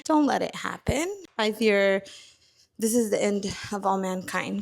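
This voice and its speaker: A woman's voice: medium pitch, fairly even intonation, measured pace, gravelly. A young woman chatting casually in a book vlog, reacting dramatically and repeating herself. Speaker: book vlogger. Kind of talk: casual reading vlog chat. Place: outdoors at a park; at home while cleaning.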